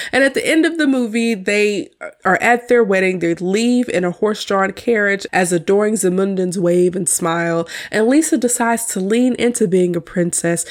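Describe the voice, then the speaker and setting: A woman hosting a podcast, reviewing a film in a casual, wry, chatty way and laughing at her own jokes. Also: medium pitch. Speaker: podcast host.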